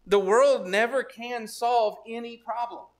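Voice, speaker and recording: A man's voice: extremely high pitch, fairly even intonation, a little slow. A man preaching a sermon as pastor, in a conversational storytelling manner with asides and restarts.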